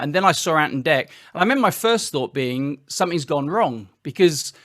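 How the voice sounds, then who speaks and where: A middle-aged man from Britain, telling stories as an interview guest with lively restarts. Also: a little high, a little fast, hardly any pauses, dry recording, studio quality. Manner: animated storytelling with frequent restarts. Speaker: interview guest, singer-songwriter. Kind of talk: casual interview chat.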